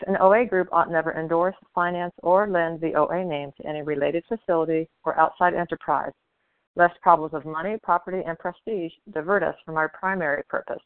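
Clear-voiced woman reading over a phone. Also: lowish voice, no echo. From Florida. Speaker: meeting member. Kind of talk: reading traditions aloud. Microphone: phone call. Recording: tinny dry phone line.

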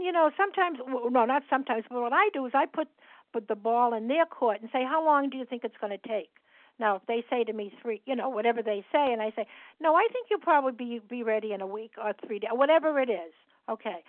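A woman's voice: fairly high pitch, no echo. Chatty woman on a tinny phone line. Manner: chatty, explains step by step with repetition. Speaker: meeting leader and sponsor. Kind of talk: sharing at a recovery phone meeting.

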